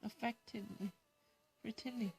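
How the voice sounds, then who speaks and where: A woman's voice: a little high, steady tone, slow pace. A woman with a Korean accent, Korean as her first language, reading English vocabulary words and definitions aloud and explaining them in casual solo study.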